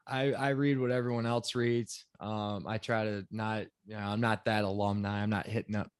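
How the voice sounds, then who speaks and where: A man, a former pro quarterback, telling stories in a relaxed, wry way on a podcast, acting out what others said. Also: on the low side, moderate pace, clean tone, dry recording, studio quality. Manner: laid-back, wry storyteller, acts out quotes. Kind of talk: casual storytelling interview.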